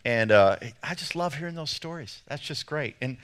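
English man preaching, bright tone, slightly high voice, enthusiastic and playful. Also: lively intonation, moderate pace. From England. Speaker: pastor. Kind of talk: sermon.

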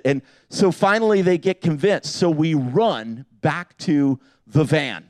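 A man's voice: on the high side, unhurried, hardly any pauses. A middle-aged man preaching to a live audience, telling jokey stories and acting out the people he quotes. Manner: animated, jokey, acts out quotes with voices. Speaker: pastor. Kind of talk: humorous sermon storytelling.

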